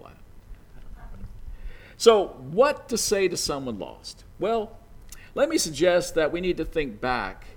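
A man preaching a sermon in a conversational way, often saying "you know" and building to emphatic bursts. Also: on the high side.

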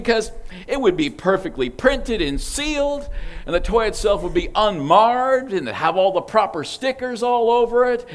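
A man giving a sermon illustration in an animated storytelling way, imitating toy sounds along the way. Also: high-pitched. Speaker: preacher.

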